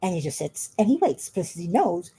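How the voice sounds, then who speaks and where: A woman's voice: on the low side, very animated, moderate pace, dark tone, slightly rough. A woman chatting casually while she works on a craft at home, rambling and laughing often. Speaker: craft vlogger.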